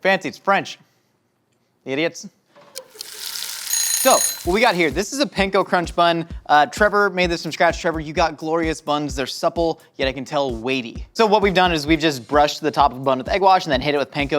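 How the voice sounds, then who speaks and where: A man's voice: on the high side, brisk. A young man hosting a cooking show, joking with his crew as he demonstrates a recipe. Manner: jokey, excitable, talks to the crew.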